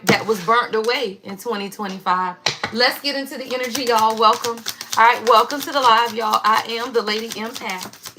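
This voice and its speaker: A woman hosting a live spiritual reading stream, talking casually to viewers in a loud, slangy, profane way and often asking "right?". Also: fairly high pitch, very noisy.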